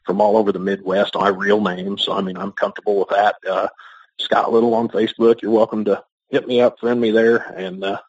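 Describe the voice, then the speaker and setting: Laid-back guest, low husky voice, relaxed halting chat. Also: male voice, rough recording. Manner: easygoing, halting with fillers. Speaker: podcast guest. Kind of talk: casual interview chat.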